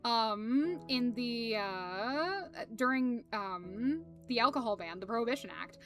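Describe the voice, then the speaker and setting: A woman's voice: fairly high pitch, lively intonation, slow pace, soft background music. A young woman streaming, chatting casually to viewers, rambling with lots of fillers, laughter and swearing.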